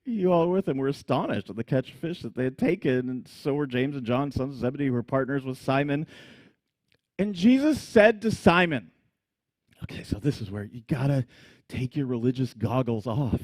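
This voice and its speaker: A man preaching a sermon, telling the story with animated energy, frequent laughs and acted-out scenes. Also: mid-range voice, moderate pace, no echo. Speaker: pastor.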